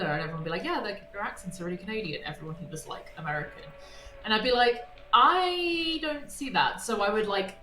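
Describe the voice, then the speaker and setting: A woman's voice: medium pitch, distant mic. A woman with a London accent co-hosting a game stream, thinking aloud with hesitant fillers. Her voice is roomy, with faint game music in the background. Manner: thoughtful, hesitant, many fillers. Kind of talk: casual chat.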